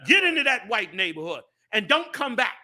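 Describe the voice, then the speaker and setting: A man hosting a show and talking in a fiery, preachy way, swinging from loud, shouted points to low asides. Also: very animated, a little fast. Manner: preachy and impassioned, rising to shouts, then dropping low. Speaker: show host and group leader. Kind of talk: fiery casual talk.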